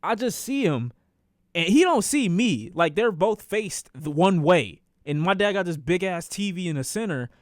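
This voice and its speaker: A young man with a somewhat high voice tells a storytime on his stream, cursing and circling back over his own lines. The sound is dry and close, with no room around it. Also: normal speed, dry recording. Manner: animated, profane, repeats phrases for emphasis. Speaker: streamer telling a personal story. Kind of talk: casual storytelling.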